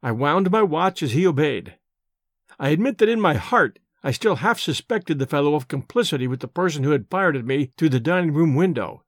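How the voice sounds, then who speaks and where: Lively, expressive male audiobook narrator. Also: a little high, fairly quick, no room sound, studio quality. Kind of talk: first-person novel reading.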